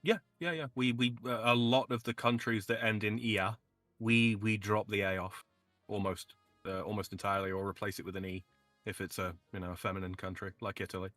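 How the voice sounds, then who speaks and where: Guest guy, low but bright punchy voice, chuckly, explains pronunciations, dry mic w faint music. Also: steady tone, fairly quick, dry recording. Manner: explains word sounds, chuckles often. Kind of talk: casual chat.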